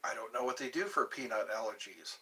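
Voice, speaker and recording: A man's voice: medium pitch, brisk, sharp tone, poor audio. A man from Georgia hosting his own live stream, chatting in a rambling way, jumping between topics and trying out foreign phrases. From Georgia, USA. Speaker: livestream host.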